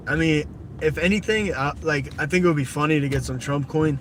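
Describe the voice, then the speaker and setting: A man's voice: fairly high pitch, steady tone, a little fast. A man chatting profanely with his live chat as he drives, recorded on a phone in a moving car. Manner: rambling, profane, reads chat aloud. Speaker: livestreamer. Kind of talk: casual live-stream chat while driving. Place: inside a car while driving. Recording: loud road noise in a moving car.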